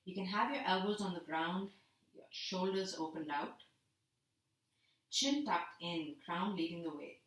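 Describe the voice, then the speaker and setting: Woman yoga teacher, lowish calm voice, gentle guided breathing cues, recorded far off in a very echoey room. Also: a little slow. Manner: calm, gentle cueing with repeated counts.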